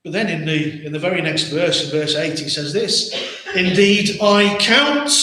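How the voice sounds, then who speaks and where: In a church hall, a male pastor with an English accent preaches an earnest sermon full of rhetorical questions and repeated words. His voice is high, pushed, and bright, and the hall sounds very echoey on the recording.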